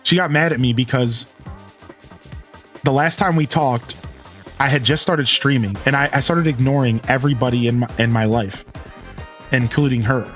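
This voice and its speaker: A man in his thirties chats casually on his live game stream. He tells candid, rambling stories with many restarts, in a middle-pitched voice. Quiet game music plays underneath him. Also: normal speed, pauses often. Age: 30s. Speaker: live streamer and show host. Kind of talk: casual chat while playing a game on stream.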